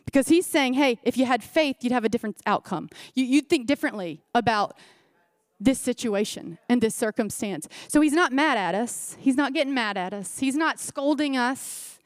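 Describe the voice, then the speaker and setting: A woman pastor delivers a sermon with a high, bright-pitched voice. She presses her points with repeated phrases and rhetorical questions to the congregation. The sound is close and dry, with little room echo. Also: lively intonation, normal speed. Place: church service.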